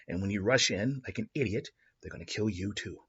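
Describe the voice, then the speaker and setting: Podcast host, man, rambling story, low husky voice, dull lo-fi recording. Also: a little fast. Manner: excitable, rambling, with restarts and laughs. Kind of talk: improvised story narration.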